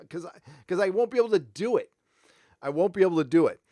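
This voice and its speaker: A man's voice: high voice, expressive, moderate pace, dark tone, no echo, clean studio sound. A man hosting a casual livestream, talking bluntly and profanely in a loose, rambling way. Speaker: livestream host.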